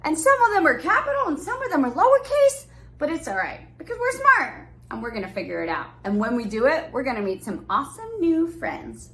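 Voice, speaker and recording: A woman teaching an online preschool class, talking to small children in a bright sing-song voice. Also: sits high, big pitch swings, a little fast.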